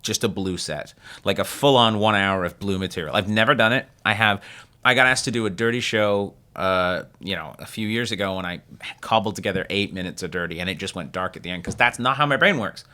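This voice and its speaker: A man's voice: fairly low pitch, brisk, sharp tone. A man hosting a comedy podcast in a studio, talking animatedly and laughing often. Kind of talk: casual podcast chat.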